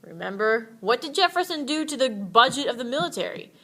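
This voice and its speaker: Woman teacher doing a history lecture, chatty and casual, a bit high-pitched. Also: very animated, a little fast, pushed and bright. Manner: casual and chatty, with playful asides.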